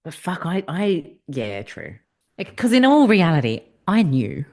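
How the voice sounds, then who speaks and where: A low-pitched Australian woman co-hosts a casual podcast chat. Her voice swings widely in pitch, animated and expressive. She swears freely and laughs often. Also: unhurried. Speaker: podcast co-host.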